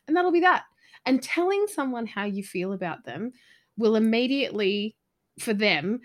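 A woman guest on a podcast, bubbly and animated, acting out little quoted exchanges as she talks. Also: medium pitch. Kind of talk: conversational interview.

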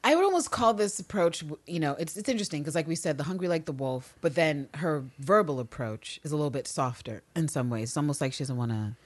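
Animated, swearing woman podcast host. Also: fast talker, hardly any pauses. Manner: animated and profane, with sudden jumps in pitch. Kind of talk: casual recap chat.

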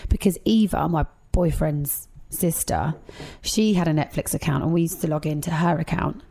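A woman in her thirties, talking as a guest in a casual chat. She tells her stories in an animated, chatty way, full of quick asides. Her voice sits a little low for a woman. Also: creaky, a little hiss or hum. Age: 30s.

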